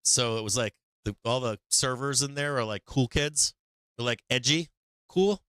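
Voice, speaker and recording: Bright, crisp-voiced older Boston man. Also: mid-range voice, moderate pace, no echo. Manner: rambling, laughs often, heavy swearing and filler "like". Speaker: livestream host. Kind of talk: casual profane storytelling on a livestream.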